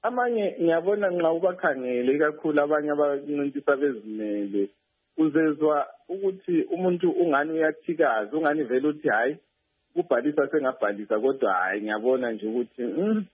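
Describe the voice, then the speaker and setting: A man's voice: fairly high pitch, lively intonation, brisk, breathy edge. A male field reporter phoning in a news report, speaking hesitantly with many fillers and restarts. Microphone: telephone. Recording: tinny phone line.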